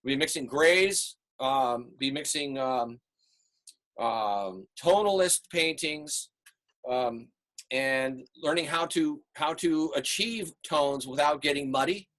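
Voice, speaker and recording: A man teaching an online art class over a video call, relaxed and rambling with many fillers. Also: a little high, slow. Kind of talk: online class lecture and critique.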